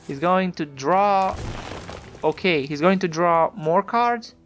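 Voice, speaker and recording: An Italian-accented player gives unhurried, chatty commentary over a card game match. They question the opponent's plays aloud, and faint music runs underneath. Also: medium pitch, animated. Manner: chatty, talks back to the opponent with rhetorical questions. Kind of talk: casual gameplay commentary.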